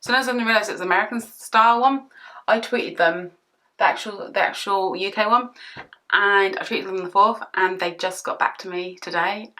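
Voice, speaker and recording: Bright-voiced chatty British woman. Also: mid-range voice, slight background noise. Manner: chatty, rambling, exasperated retelling. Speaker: beauty vlogger. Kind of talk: casual storytime while doing makeup.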